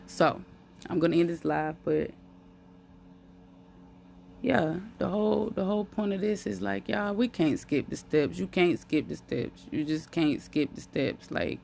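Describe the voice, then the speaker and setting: A woman's voice: fairly low pitch, lively intonation, unhurried, vocal fry, darkish tone, a little hiss or hum. A woman talking candidly on a live stream into a phone. She speaks openly and profanely and repeats phrases for emphasis. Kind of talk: heartfelt live-stream monologue.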